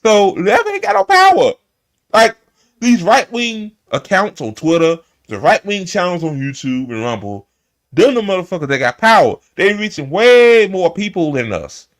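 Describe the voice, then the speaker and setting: A man's voice: high-pitched, big pitch swings, moderate pace. A man hosting a live stream, ranting heatedly and swearing often as he reacts to a clip. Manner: emphatic, swears often, repeats himself. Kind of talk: heated profane rant.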